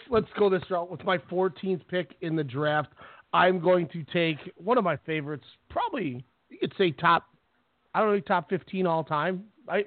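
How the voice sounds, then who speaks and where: A man co-hosting a podcast in casual chat, laughing often and telling animated stories. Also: sits high, no room sound. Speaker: podcast co-host. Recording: tinny phone line, dry.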